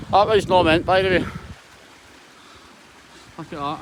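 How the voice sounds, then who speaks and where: A Scottish man vlogging as he hikes a snowy mountain, excitable and sweary as he talks to the camera. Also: high-pitched, fairly quick, long pauses, background noise. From Scotland. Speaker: hiking vlogger. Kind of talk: casual vlog narration while hiking.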